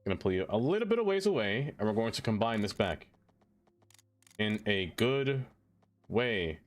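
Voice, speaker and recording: A man's voice: lowish voice, big pitch swings, moderate pace. A man streaming a city-building game, chatting casually with viewers in a playful, teasing way. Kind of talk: casual live-stream chat.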